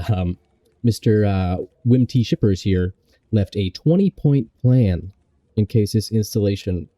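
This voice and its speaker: Deep, dark-voiced man hosting mock news. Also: dry recording. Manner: rambling, mock-serious newscaster with swearing asides. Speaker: host. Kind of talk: comedic mock news commentary.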